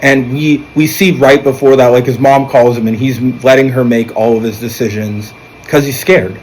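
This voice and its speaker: A man's voice: medium pitch, normal speed, slight background noise, poor audio. A man recapping a film's plot in a casual, rambling way, with fillers and restarts. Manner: rambling storytelling, animated when quoting characters. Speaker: movie reviewer.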